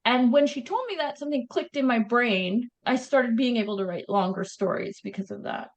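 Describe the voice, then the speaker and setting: A woman's voice: fairly high pitch, expressive, moderate pace, dull audio. A woman with a Canadian accent, a guest author chatting animatedly about her writing in an interview. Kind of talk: casual interview chat.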